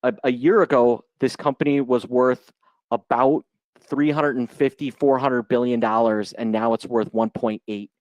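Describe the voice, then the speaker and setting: A man's voice: medium pitch, fairly even intonation, moderate pace, darkish tone, no echo. A man in his forties from Chicago speaks in an ordinary mid-range voice, loose and chatty as he leads a live trading webinar. He slips in jokes at his own expense. The sound is dry and close, from a computer mic on a video call. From Chicago, United States. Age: 40s. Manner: chatty and joking, loose unscripted delivery. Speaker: guest presenter, options trader.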